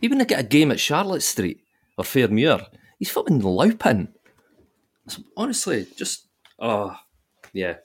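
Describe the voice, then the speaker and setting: A man's voice: medium pitch, wildly swooping pitch, measured pace, pauses often, husky. A Scottish man co-hosting a podcast, chatting bluntly and swearing about football. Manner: blunt, sweary, repeats himself. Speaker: podcast co-host. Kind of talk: casual football chat.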